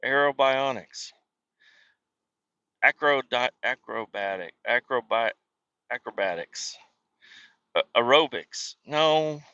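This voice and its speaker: A man's voice: mid-range voice, lively intonation, unhurried, long pauses, sharp tone, no echo, lo-fi sound. A man hosting a casual podcast, rambling through family stories in a profane, self-deprecating way while on the road. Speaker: podcast host. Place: car.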